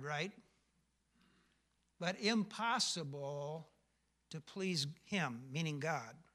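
A man's voice: sits high, sharp tone. An older male pastor preaching a sermon, emphatic, often asking the congregation questions.

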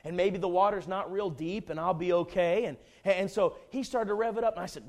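A man preaching a sermon, telling a folksy, humorous personal story in an animated way. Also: high voice, a little fast, few pauses.

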